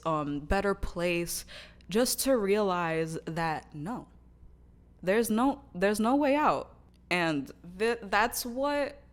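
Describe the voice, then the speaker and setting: A woman in her twenties chatting casually about anime as a vlogger, candid and profane. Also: on the low side. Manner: candid and profane, lots of fillers and restarts. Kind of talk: casual chat.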